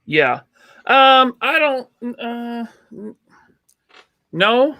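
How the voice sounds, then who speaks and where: A man's voice: extremely high pitch, very animated, very slow, sharp tone, no room sound. A man co-hosting a casual podcast, opinionated and teasing, with lots of fillers. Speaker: podcast co-host. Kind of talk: casual chat.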